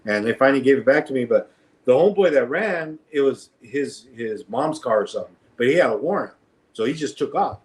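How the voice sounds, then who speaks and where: His mid-range voice runs a little fast as he tells a street story in a relaxed conversation. The guest is animated, frequently laughing and voicing the other characters himself.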